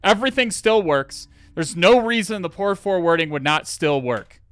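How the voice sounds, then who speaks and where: A man's voice: high voice, lively intonation, normal speed, a bit bright, clear, resonant tone, dry recording. A man live-streaming a hacking session, talking to viewers in an exasperated way, swearing, sighing and restarting his sentences. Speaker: livestreamer.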